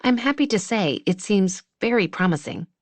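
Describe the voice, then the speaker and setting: A woman voicing a wry young woman doctor with a deadpan sense of humor, in audiobook dialogue. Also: medium pitch, moderate pace, no echo, voice pushed up, natural voice.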